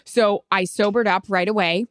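A woman in her thirties co-hosts a podcast, chatting casually and telling stories with animation, acting out quotes as she goes. Her mid-range voice moves at a normal speed, and the studio sound is clean with no echo.

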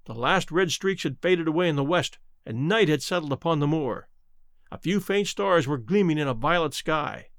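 A man narrating a classic novel as an audiobook in a dramatic, expressive way. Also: on the high side, normal speed, no room sound, studio quality.

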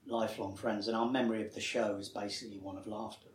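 A man tells a showbiz anecdote in a chatty, animated way. He slips into quoted voices and laughs along with the story. The room around him is echoey. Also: fairly low pitch, fast talker. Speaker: actor guest. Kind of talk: anecdotal interview chat.

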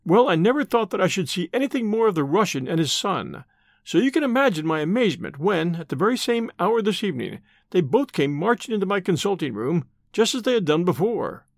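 A man narrating a classic detective story in an expressive reading style, voicing its characters. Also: high voice, brisk, creaky, dry recording, clean studio sound. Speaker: audiobook narrator.

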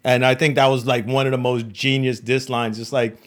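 A man co-hosts a casual comedy podcast. His voice sits in a plain middle register, and he keeps the talk loose with jokey, mock-serious shout-outs and playful disses. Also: medium pitch, flat delivery, fairly quick. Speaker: podcast co-host.

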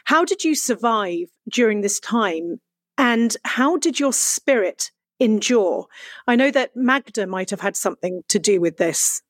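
A woman hosts an interview and asks gentle, heartfelt questions with open sympathy. Her voice sits at a medium pitch. The recording is dry and close, with no room sound. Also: animated, unhurried, no echo. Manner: warm, emotionally open questioning. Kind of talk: podcast interview.

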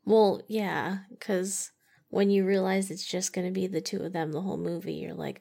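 A young woman chats about a film as a podcast co-host. Her voice has a marked gravelly fry, and her speech is loose and full of "like". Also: fairly low pitch, steady tone, moderate pace, warm tone. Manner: chatty, heavy use of "like". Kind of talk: casual movie review chat.

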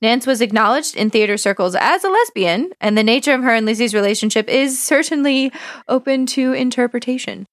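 Woman co-host, playful, fairly high voice, quick asides, dry sound. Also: expressive, no echo. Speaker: podcast co-host. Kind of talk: casual chat.

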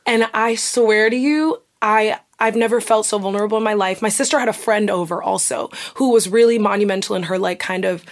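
A woman's voice: mid-range voice, a little fast, hardly any pauses. A young woman hosting a casual talk show, telling a personal story candidly and acting out the voices of people in it. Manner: candid, animated, acts out quoted voices.

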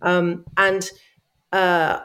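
A middle-aged woman chatting in an interview, an animated storyteller who acts out quoted voices in a high sing-song. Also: drawn-out words. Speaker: guest. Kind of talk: casual interview chat.

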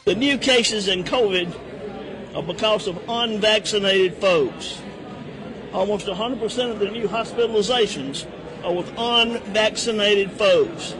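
A man's voice: high voice, unhurried, over music, poor audio. A man giving an emphatic public statement in a played clip.

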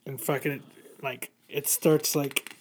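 A man's voice: mid-range voice, little pitch movement, takes it slowly, a little hiss or hum. A man casually retelling a comic book plot, rambling with lots of fillers. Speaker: podcast co-host.

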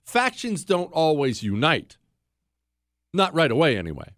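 A man's voice: fairly high pitch, huge pitch swings, measured pace, a bit bright, no echo, studio quality. Man casually retelling history. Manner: casual, addresses listener directly with asides. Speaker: podcast host. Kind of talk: conversational history storytelling.

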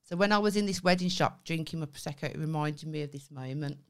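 A woman's voice: deep voice, quick pace, clean tone. A young woman, casually chatting and telling stories on a podcast, swearing freely. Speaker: podcast co-host.

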